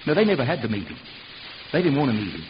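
A man's voice: mid-range voice, very animated, very fast. Older male preacher, folksy fire-and-brimstone delivery, muffled hissing recording. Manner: folksy, fiery, preaching with sudden loud shouts. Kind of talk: sermon. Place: church service. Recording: dull lo-fi recording with hiss.

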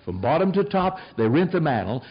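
Older man preaching, lively storytelling. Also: a little high, brisk, breathy edge. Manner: storytelling, animated and emphatic. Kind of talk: sermon. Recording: dull lo-fi sound.

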